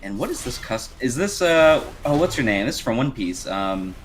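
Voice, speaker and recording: A man giving color commentary on a fighting game match, relaxed and rambling, with many fillers. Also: medium pitch, normal speed. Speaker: esports co-commentator.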